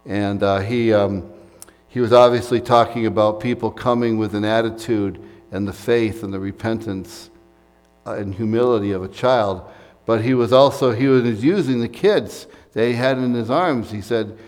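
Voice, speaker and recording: American guy preaching, kinda low voice, chatty with lots of um and you know, big echoey church. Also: moderate pace, a little mellow. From United States. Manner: conversational preaching with fillers and asides. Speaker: pastor. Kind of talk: sermon.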